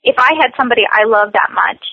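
A woman with a fairly high voice leads a guided tapping session, repeating short phrases slowly. The sound is dull and lo-fi, as over a call, and dry with no room echo. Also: fairly even intonation, gravelly. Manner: slow, repetitive scripted phrases. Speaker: tapping coach.

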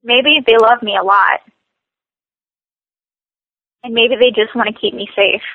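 A woman coaching a tapping session, speaking slow, repetitive scripted phrases. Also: fairly high pitch, steady tone, no room sound, narrow, tinny audio.

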